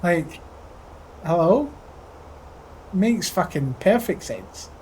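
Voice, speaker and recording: A man's voice: sits high, sing-song, very slow, a little mellow, a little hiss or hum. A Scottish man chatting casually on a flight sim live stream, full of crude, profane joking banter with his chat. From Scotland.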